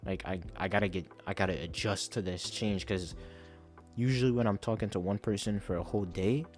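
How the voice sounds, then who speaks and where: A young man hosting a podcast, telling a story in a profane, animated late-night monologue. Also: lowish voice, brisk, faint music behind. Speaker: podcast host.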